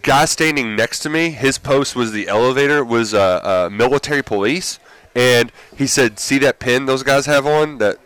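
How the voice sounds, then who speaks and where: A man's voice: mid-range voice, normal speed, fairly bright tone, no room sound, poor audio. A man co-hosting a live radio show outdoors at a racetrack, telling stories with lots of fillers and little laughs. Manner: rambling storyteller with filler words and laughs. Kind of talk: casual live radio chat.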